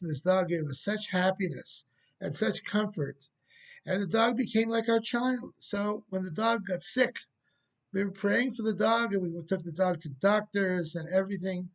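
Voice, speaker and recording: A man doing an anxious New York cabbie. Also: high-pitched. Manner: pleading, halting. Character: worried Jewish male New York taxi driver.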